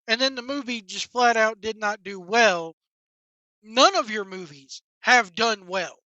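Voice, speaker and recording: A woman's voice: on the high side, unhurried, pushed and bright, no room sound. A woman hosting a wrestling talk show, delivering a blunt, profane, exasperated solo rant. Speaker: wrestling commentary host. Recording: dull, dry lo-fi sound.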